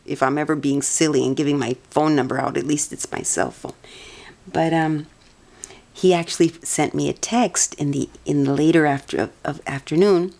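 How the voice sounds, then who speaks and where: A rambling, chatty woman with a notably low-pitched voice. She tells a personal story casually and keeps doubling back and restarting her sentences. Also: gravelly, a little mellow. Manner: meandering, chatty, many restarts. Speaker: vlogger.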